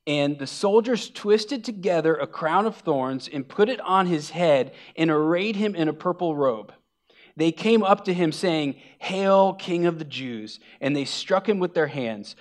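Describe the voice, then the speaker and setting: A man's voice: fairly high pitch, lively intonation, unhurried. Man preaching a casual sermon. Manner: explanatory, conversational, with fillers. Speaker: pastor. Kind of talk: sermon with scripture reading.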